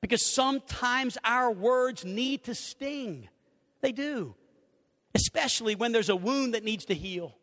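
A middle-aged man preaching a sermon, animated, acting out little conversations and swinging between loud and hushed. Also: extremely high pitch, a little slow. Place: church sanctuary. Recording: reverberant hall.

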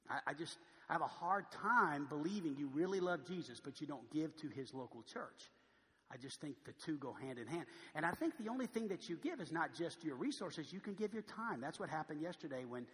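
Fervent preacher man in a reverberant sanctuary. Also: a little high. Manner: swings from soft and intimate to loud and fervent. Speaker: pastor. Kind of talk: sermon with closing invitation. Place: church sanctuary. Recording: long church reverb with faint music.

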